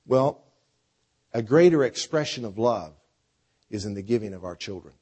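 Male pastor, sermon, husky voice, swings from hushed to loud. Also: lowish voice, expressive, moderate pace. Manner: preacher with a dynamic delivery, swinging between soft and loud.

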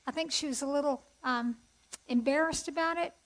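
A middle-aged woman telling her personal testimony in an earnest, heartfelt way, with soft hesitations. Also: sits high, brisk, rough recording. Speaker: speaker sharing testimony.

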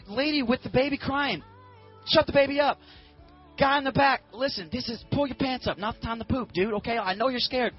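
A man's voice: extremely high pitch, husky, dull audio, voice pushed up. A man acting out an exasperated Moses scolding a panicking crowd, for comic effect.

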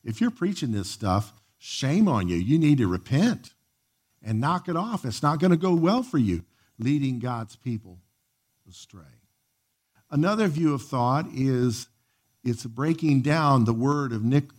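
An earnest male pastor preaching, his voice of ordinary pitch. He tells a church story and warns his listeners, leaping up in pitch for emphasis. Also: expressive, a little slow, a little mellow. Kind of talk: sermon with personal story.

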